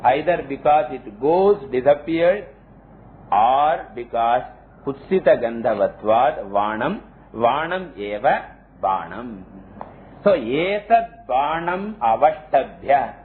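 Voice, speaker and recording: A man giving a scriptural lecture, explaining slowly and chanting Sanskrit terms. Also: mid-range voice, expressive. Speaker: teacher of scripture. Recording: tinny phone-like lo-fi audio, faint hiss.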